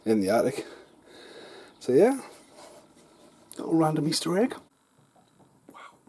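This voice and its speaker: A man rambling through casual vlog outtakes at home, telling stories in an excitable way with some swearing. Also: on the high side, slow, pauses often. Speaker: vlogger. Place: home, partly in the attic.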